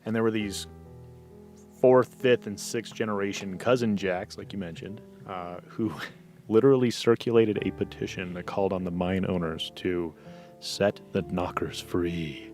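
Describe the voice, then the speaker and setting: Easygoing low-voiced man co-host. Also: mellow, faint music behind. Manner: easygoing, quick to laugh. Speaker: podcast co-host. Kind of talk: casual podcast chat.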